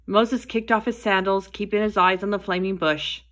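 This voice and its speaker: A woman teaching a Sunday school lesson, telling a Bible story to children in a gentle storytelling way. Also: mid-range voice, fairly even intonation, moderate pace.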